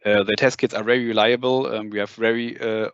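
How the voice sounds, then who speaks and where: A man giving a live laboratory demonstration, explaining each step in a halting way with many fillers and restarts. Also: on the low side, little pitch movement, fairly bright tone, muffled recording. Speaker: product demonstrator. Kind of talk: live lab demonstration over a video call. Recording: roomy sound with faint noise.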